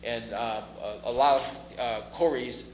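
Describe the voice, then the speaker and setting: A man's voice: medium pitch, fairly even intonation, unhurried. A man preaching a sermon in a conversational way, now and then rising to emphatic stresses. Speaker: pastor. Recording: echoey room, faint noise.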